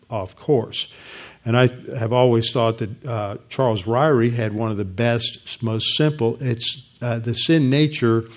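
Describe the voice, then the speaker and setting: A male pastor teaching a Bible lesson in an explanatory way, with frequent halting restarts. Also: mid-range voice, a little mellow.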